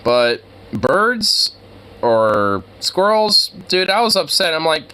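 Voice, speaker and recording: A man's voice: on the high side, very animated, takes it slowly, pushed and bright, smooth. A man co-hosting a casual reaction show, rambling and exasperated with lots of filler words. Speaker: co-host reacting to a video. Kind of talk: casual profane reaction commentary.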